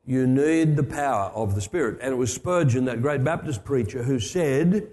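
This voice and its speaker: An older man preaches a storytelling sermon in a warm, mellow voice, with chatty asides and restarts. His words ring out with a long hall reverb. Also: mid-range voice, moderate pace.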